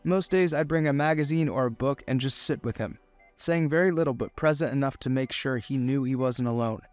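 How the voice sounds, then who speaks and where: A man's voice: mid-range voice, a little fast, no room sound, faint music behind. Man narrating a story, dry and close. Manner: steady first-person storytelling. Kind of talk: scripted audiobook narration.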